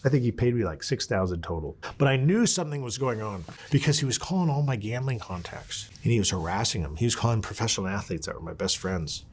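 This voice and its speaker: A man's voice: on the low side, sing-song, fast, hardly any pauses, slightly rough. A man telling a story as an interview guest, in a blunt and profane way, acting out what people said. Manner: blunt and profane, acts out quotes. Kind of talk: casual storytelling.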